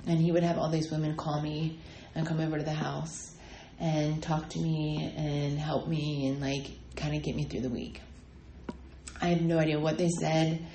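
A woman shares her recovery story in a halting way, stopping often for ums and fresh starts. Her voice sits low and warm, and it rings in an echoey room over faint background ambience. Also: flat delivery, slight background noise. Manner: halting, many ums and restarts. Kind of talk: personal testimony talk.

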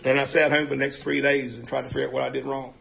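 A man tells his recovery story in a frank, folksy way, his voice deeply gravelly with heavy fry. The recording is thin and phone-like, with a faint hiss behind him. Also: little pitch movement, fast talker. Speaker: speaker sharing at a recovery meeting. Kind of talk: personal recovery testimony.

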